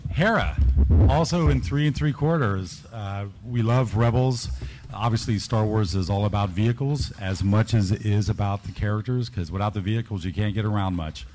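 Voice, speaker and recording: Lower-voiced man pitching toys. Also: normal speed, a little mellow, a little hiss or hum, rough recording. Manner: enthusiastic product pitch with frequent fillers. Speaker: toy designer presenting products. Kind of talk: convention panel presentation.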